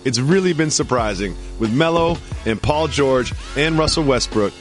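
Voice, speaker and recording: A man's voice: normal speed, faint music behind. A man co-hosting a sports podcast, bantering and ranting with mock outrage. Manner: animated, mock-outraged, high-energy ranting. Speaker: podcast co-host.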